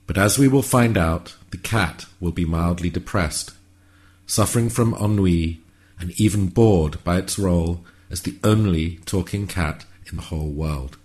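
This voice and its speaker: A man narrating a whimsical story in a calm, measured, wry way. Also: low voice.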